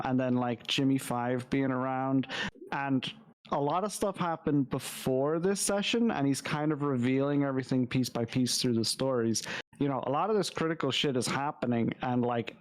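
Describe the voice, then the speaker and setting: A man's voice: medium pitch, normal speed, low-quality recording. A man with a Yorkshire accent chatting casually as a player in a tabletop game, rambling and laughing often.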